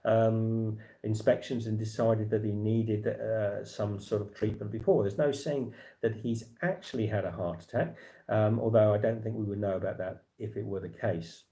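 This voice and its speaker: A man's voice: fairly low pitch, steady tone, normal speed, mellow. A man with an English accent hosting a casual livestream chat, rambling with lots of fillers and restarts. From England. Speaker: livestream host.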